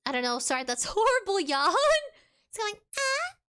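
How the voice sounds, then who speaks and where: A woman's voice: high voice, expressive, brisk, a bit bright. A woman streamer chatting casually with viewers, reading out chat and game text in a playful, rambling way. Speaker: VTuber streamer.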